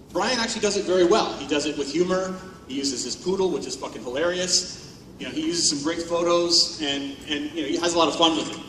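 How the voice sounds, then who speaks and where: A man's voice: sits high, fairly bright tone, far from the mic, slight background noise. A man giving a comedic, profane keynote talk on stage at a conference, mocking and sarcastic. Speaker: conference speaker. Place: large hall on stage. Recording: echoey hall, speaker off-mic.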